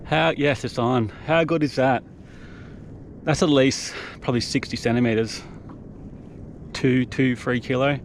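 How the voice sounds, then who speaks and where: A man's voice: medium pitch, a little slow, long pauses, slight background noise. A young man, commentating his own kayak fishing live, exuberant and breathless, recorded outdoors on an action camera. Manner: exuberant, whooping, breathless excitement.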